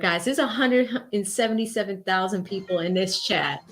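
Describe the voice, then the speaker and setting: A woman's voice: medium pitch, normal speed, few pauses, faint music behind. A woman from Boston with a Boston accent, hosting a live election-night stream and chatting casually with her viewers. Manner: animated, chatty, addresses chat directly. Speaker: livestream host.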